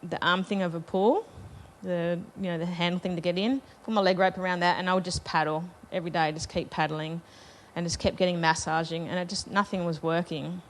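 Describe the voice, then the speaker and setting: A woman's voice: on the low side, fairly even intonation, fairly quick, hardly any pauses, slight background noise. A woman telling a personal story to a live festival audience, chatty and self-deprecating, laughing between lines. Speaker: festival panel speaker.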